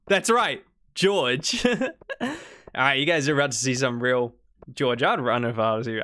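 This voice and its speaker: A man streaming a farming game live, joking, swearing and reacting excitedly as he reads the characters' lines aloud. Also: mid-range voice. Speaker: gaming streamer. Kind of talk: live-stream gameplay commentary.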